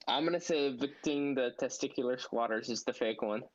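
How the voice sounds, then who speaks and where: A man's voice: mid-range voice, brisk, dull audio. A man co-hosting a casual podcast, rambling and restarting his sentences. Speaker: podcast co-host. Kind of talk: casual chat.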